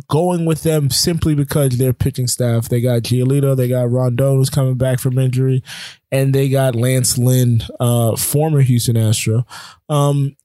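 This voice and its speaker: A man hosting a casual sports podcast, chatting about the playoffs with quick asides and frequent ums. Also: mid-range voice, warm tone, dry recording.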